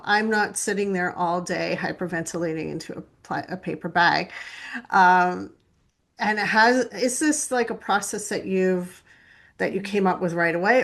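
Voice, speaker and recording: A woman's voice: lowish voice, a bit bright. A woman hosting a podcast interview, enthusiastic and self-deprecating, laughing often between questions. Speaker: podcast host.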